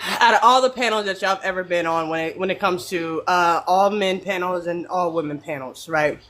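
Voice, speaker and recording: A woman chatting casually on a podcast panel, animated and laughing, often repeating herself. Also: lowish voice, a little fast, a little hiss or hum. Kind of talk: casual group chat.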